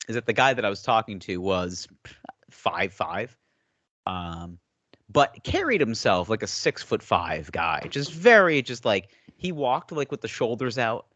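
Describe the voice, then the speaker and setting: A young man chatting on a podcast, rambling through stories and putting on voices for the people in them. His voice sits low but swings widely in pitch. The sound is dry and close. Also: very animated, unhurried, a bit bright, no echo. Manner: rambling storyteller, acts out quotes. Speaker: podcast co-host. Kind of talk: casual chat.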